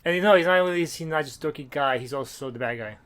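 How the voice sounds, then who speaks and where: A man's voice: on the high side, very fast, fairly bright tone, clear, resonant tone. A man on a podcast eagerly reacting to a manga in casual conversation, often restarting his sentences. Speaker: podcast co-host. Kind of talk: casual chat about a manga.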